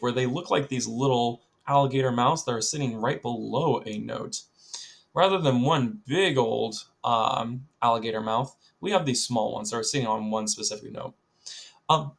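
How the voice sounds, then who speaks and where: A young man teaching a recorded music lesson to children, chatty, talking straight to the students and filling pauses with lots of ums. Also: mid-range voice. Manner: chatty, addresses students directly, many ums.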